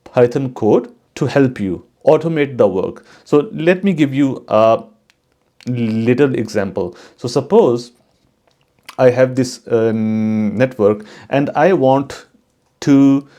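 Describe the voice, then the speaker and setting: A man hosting his own channel gives a casual, unhurried tutorial on coding for network engineers, teaching network automation. His medium-pitched voice is mellow, and he uses frequent fillers and restarts.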